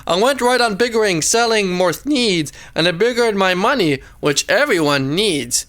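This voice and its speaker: Bright high-voiced man reading a rhyming story. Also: lively intonation, normal speed. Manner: sing-song rhyming delivery, pitch swooping up and down.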